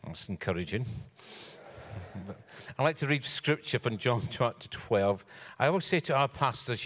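A man's voice: medium pitch, animated, normal speed, fairly bright tone, long reverb tail. An older man, a guest preacher, giving a sermon with joking, self-deprecating asides. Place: church hall.

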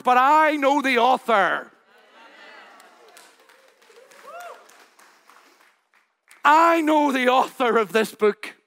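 A man playing an old pastor who speaks slowly, quietly and reverently, with a lower voice than his own. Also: no room sound, clean studio sound, exaggerated voice. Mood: tender. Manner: slow, hushed and deliberate.

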